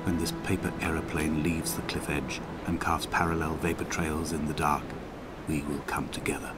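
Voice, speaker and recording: A man voicing a haunted, poetic narrator in a game, reciting slowly and gravely. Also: a bass voice, level tone. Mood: melancholy. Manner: slow, grave, literary recitation. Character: haunted male narrator of a lonely island, brooding and poetic. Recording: voice-over under loud game music.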